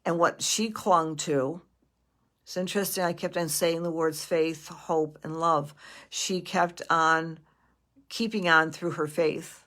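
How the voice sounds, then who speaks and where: Gentle, halting woman psychic. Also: low voice, steady tone. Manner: gentle and affectionate, calling viewers sweetie and honey; halting with many restarts and fillers. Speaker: astrologer and psychic medium. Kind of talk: live psychic reading to viewers.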